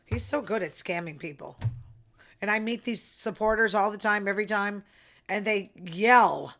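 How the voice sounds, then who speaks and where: Talking alone on her podcast, this host is chatty and opinionated, slipping in quiet, murmured asides as she goes. Her mid-range, fairly bright voice moves at a normal speed, with a little hiss or hum in the recording.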